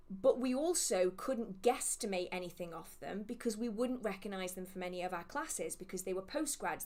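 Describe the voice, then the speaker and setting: A woman's voice: medium pitch, a little mellow. Chatty self-deprecating woman. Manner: rambling, self-deprecating, many fillers. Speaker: witchcraft channel host. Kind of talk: casual storytelling on a livestream.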